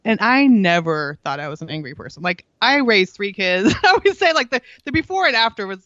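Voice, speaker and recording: A woman's voice: medium pitch, sing-song, brisk, fairly bright tone, dry recording. A middle-aged woman, a guest in a casual interview, tells stories animatedly, acting out quoted dialogue and laughing often. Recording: dull dry lo-fi audio.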